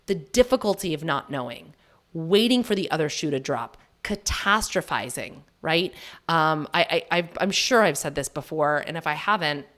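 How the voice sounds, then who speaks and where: A woman's voice: fairly low pitch, a bit bright. A woman in her thirties hosting a solo podcast in a casual, candid way. She laughs often and keeps asking rhetorical questions. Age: 30s. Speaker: podcast host.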